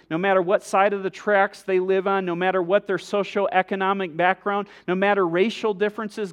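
A middle-aged man pastor preaching a sermon in an earnest, emphatic way, with measured pauses. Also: high voice.

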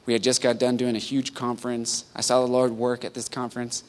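A man preaching a sermon as pastor, earnest, climbing from quiet reflection to loud pleading peaks. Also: mid-range voice, monotone, brisk. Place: church sanctuary.

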